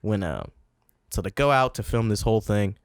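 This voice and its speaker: A man co-hosting a casual film review podcast, animated and profane, who keeps quoting movie lines in loud put-on voices. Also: fairly low pitch, moderate pace, smooth, no echo, clean studio sound. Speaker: podcast co-host.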